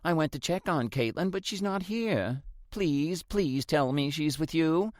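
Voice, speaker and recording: A gentle, anxious neighbor woman in an audiobook, as a male narrator puts her on. Her voice sits high and swings widely as she pleads. The reading is close and dry. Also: animated, a little slow, no echo. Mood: worried. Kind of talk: audiobook character voice.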